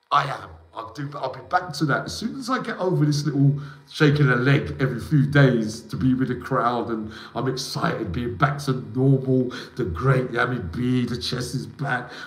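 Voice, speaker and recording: A man hosting a livestream, rambling emotionally and calling out viewers by name in slangy casual talk. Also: medium pitch. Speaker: livestream host. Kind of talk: rambling live chat with viewers. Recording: echoey room.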